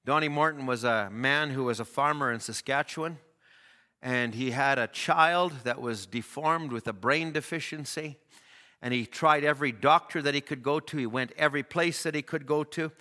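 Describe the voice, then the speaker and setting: A man preaching a sermon, impassioned and building to shouts at the climaxes. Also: medium pitch, normal speed, big-room sound.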